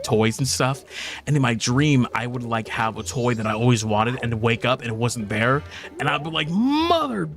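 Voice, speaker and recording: A man casually chatting while livestreaming a video game at home, swearing and telling stories with lively put-on quotes. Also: mid-range voice. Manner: profane, animated storytelling with laughs and put-on quotes. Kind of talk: casual gameplay chat. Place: home apartment at night. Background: faint game music.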